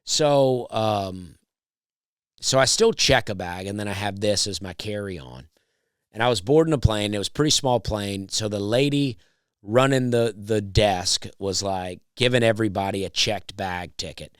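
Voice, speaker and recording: A man, a stand-up comedian, telling a drawling, deadpan comedy story. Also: lowish voice, unhurried, smooth, no echo, clean studio sound.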